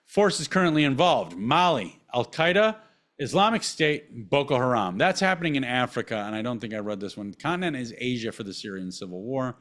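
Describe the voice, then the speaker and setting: A man's voice: mid-range voice, very animated, a little fast, a bit bright. A man hosting a podcast, reading out a list with blunt, sarcastic, profane asides. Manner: blunt, sarcastic, swears often, reads lists aloud with asides. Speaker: podcast host. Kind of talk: profane casual commentary.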